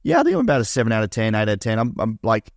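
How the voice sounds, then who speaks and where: A man with an Australian accent co-hosting a podcast from home, chatting quickly and upbeat, often repeating words as he gets going. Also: fairly low pitch, wildly swooping pitch, vocal fry, no echo, clean studio sound. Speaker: podcast co-host. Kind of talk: casual chat. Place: home, Melbourne.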